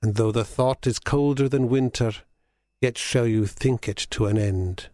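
A man voicing an old nurse in a storybook reading, soft, grave and resigned. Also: mid-range voice, a little slow, dry recording, studio quality, natural voice. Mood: mournful.

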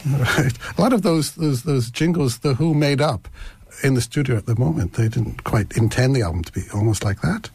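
A man's voice: mid-range voice, lively intonation, moderate pace, a little mellow, breathy edge, no room sound. Chatty man hosting community radio. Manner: chatty and rambling, laughs at himself, repeats words. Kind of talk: casual radio chat. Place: small radio studio.

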